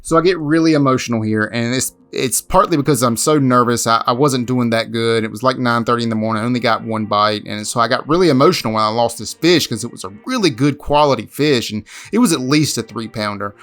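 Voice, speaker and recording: A man narrating a voice-over recap of his own fishing tournament, halting and repeating words as he restarts. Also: medium pitch, a bit bright, faint music behind. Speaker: fishing vlogger.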